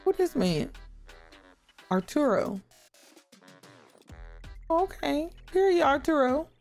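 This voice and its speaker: A woman's voice: sits high, takes it slowly, soft background music. Chatty woman commenting on a life-sim game. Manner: lively, chatty, talks to the viewers as y'all. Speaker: gaming YouTuber. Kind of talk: casual gameplay commentary.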